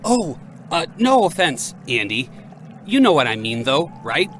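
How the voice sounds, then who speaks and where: An effusive male director on set, gushing praise between takes. His tone is bright and sharp, his pace unhurried, his pitch lively. A faint noise hums behind. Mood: enthusiastic. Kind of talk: audio drama acting.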